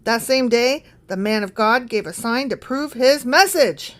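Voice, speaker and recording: A woman's voice: a little high, unhurried, fairly bright tone. A woman co-hosting a casual Bible-study chat, reading aloud and joking with some swearing. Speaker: podcast co-host.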